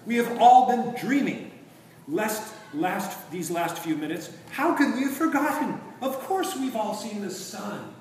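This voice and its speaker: A man reading aloud as an excited young prince, his voice pitched far up and loud, exclaiming. The sound comes from an echoey room from afar, with noise behind. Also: measured pace. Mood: elated. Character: young prince, suddenly joyful and eager.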